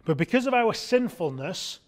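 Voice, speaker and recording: Earnest preacher man, slightly high voice. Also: big pitch swings, normal speed. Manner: earnest, asks the congregation rhetorical questions. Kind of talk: sermon.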